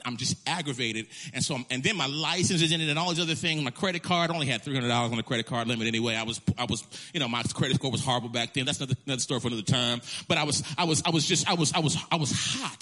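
Bright, animated male pastor preaching. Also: mid-range voice. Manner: animated, repetitive restarts, emphatic. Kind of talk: storytelling sermon.

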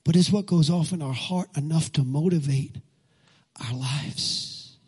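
A male pastor in a church sanctuary delivers a fervent sermon with congregational call-and-response before praying. His husky voice sits on the high side with a dark tone, spoken at normal speed.

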